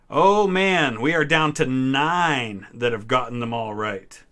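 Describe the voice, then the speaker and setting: Male host, 30s, from the US Midwest, bright tone, relaxed trivia-stream chatter. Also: mid-range voice. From Ohio, US Midwest. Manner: relaxed, answers chat questions with small hesitations. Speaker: history channel host. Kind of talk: casual live-stream trivia chat.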